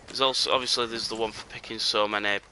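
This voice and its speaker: A man's voice: lowish voice, level tone, fast talker, pushed and bright, slight background noise. A man streaming a game, chatting casually and rambling with lots of "you know" and "um" fillers. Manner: drops to a near whisper while sneaking up on game. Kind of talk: casual live gameplay commentary.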